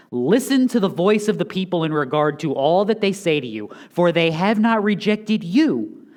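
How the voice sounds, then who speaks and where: A male pastor preaching an expository sermon, animated and joking, with self-deprecating asides. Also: a little high.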